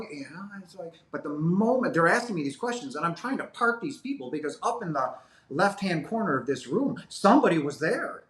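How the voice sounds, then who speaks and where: A man's voice: on the high side, lively intonation, moderate pace, fairly bright tone. A man in his fifties, a guest telling a personal story in an interview, earnest and rambling with many fillers. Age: 50s. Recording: roomy echo.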